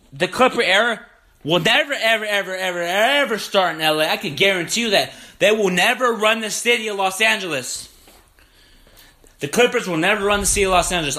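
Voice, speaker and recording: A man's voice: high-pitched, bright, forceful tone. A young man hosting a sports podcast, delivering a heated, profane, repetitive rant to listeners. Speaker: podcast host. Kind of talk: ranting sports podcast monologue.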